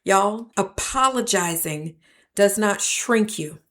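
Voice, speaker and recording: A woman's voice: mid-range voice, lively intonation, slow, a bit bright. A woman, hosting a faith-based teaching talk and addressing listeners as "y'all" in an earnest, preacher-like way. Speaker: podcast host.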